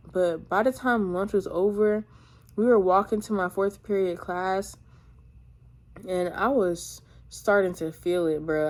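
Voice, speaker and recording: A woman's voice: fairly low pitch, a little mellow. A young woman in her teens telling a personal storytime testimony in casual slang, rambling with many fillers and talking to her viewers. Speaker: vlogger.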